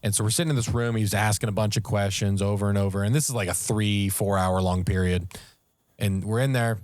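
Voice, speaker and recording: A man, a podcast co-host, telling a story in casual, animated talk and raising his voice at the tense moments. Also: fairly low pitch, fairly quick, no room sound. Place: podcast studio.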